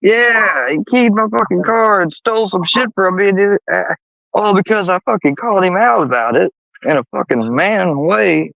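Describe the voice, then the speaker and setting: A man's voice: high voice, moderate pace, gravelly, a bit bright, no echo. A man telling a story in casual talk, swearing a lot and getting heated as he acts out what others said. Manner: profane, heated, quotes others in a raised voice. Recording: dull, dry lo-fi sound.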